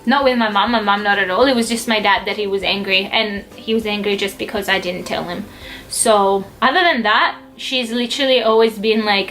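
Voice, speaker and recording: A woman's voice: mid-range voice, a bit bright, low-quality recording. A woman vlogger casually telling a personal story, chatty, acting out quotes from her family. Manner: chatty, lots of fillers and acted-out quotes.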